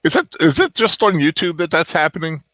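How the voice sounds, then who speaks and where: A man's voice: fairly high pitch, big pitch swings, a little fast, bright, forceful tone, no room sound. Wry male co-host, dry sound. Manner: wry, joking asides. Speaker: regular co-host. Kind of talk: casual livestream chat.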